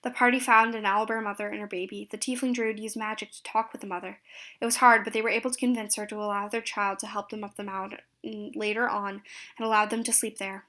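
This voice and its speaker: A woman's voice: medium pitch, little pitch movement, fast talker, sharp tone. A woman narrating a recap of a tabletop fantasy game, reading steadily with small slips and restarts.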